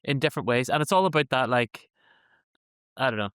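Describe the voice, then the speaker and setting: Lively animated man, dry sound. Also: medium pitch, fairly quick, clean tone, no echo. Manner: animated, laughs often. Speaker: podcast co-host. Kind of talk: casual reaction chat.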